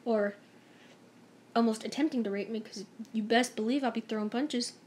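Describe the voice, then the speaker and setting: A woman's voice: on the high side, fairly even intonation, moderate pace, darkish tone, slight background noise. A young woman vlogger telling a story-time tale in a chatty, emphatic way, acting out the dialogue.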